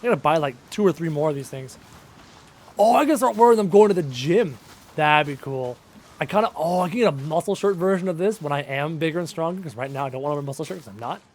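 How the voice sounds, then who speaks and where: High-voiced male game streamer. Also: animated, fast talker, a little mellow. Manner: reads viewer questions aloud and answers them chattily; hums little tunes to himself between thoughts. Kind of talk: casual live stream Q&A while playing.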